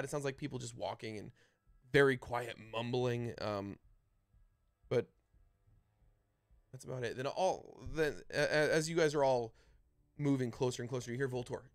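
A man narrating a tabletop game as dungeon master, describing scenes in a halting way with many fillers. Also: medium pitch, no echo, clean studio sound.

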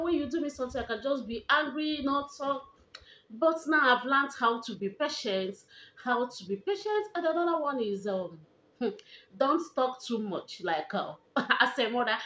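A young Nigerian woman with a Nigerian accent chatting on her vlog and giving advice in an animated way, repeating herself for emphasis. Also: on the high side, reverberant. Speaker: vlogger.

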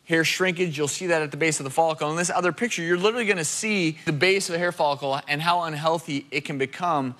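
A man's voice: a little high, quick pace, few pauses, a bit bright. A man hosting a TV talk show, presenting in a studio with an audience and addressing them directly.

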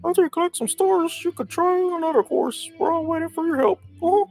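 A woman voicing a cheerful little male mushroom helper in a squeaky, mouse-like cartoon voice while reading game hints aloud. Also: fairly quick, gravelly, a little mellow, rough recording. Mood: chipper.

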